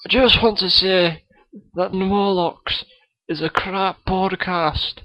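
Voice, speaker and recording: A man putting on an impression of a brash, cheeky older Scottish male comedian, loud and rambling in a put-on Scottish accent. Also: high voice, fairly even intonation, takes it slowly, dry recording, voice pushed up, exaggerated voice. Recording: dull lo-fi recording.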